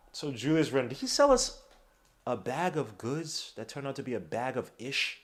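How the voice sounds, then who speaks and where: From his computer desk, a man hosts a casual live-stream sports podcast, his middle-pitched voice loud, animated, fairly quick and full of street slang. He trails off into mumbles whenever he searches his screen.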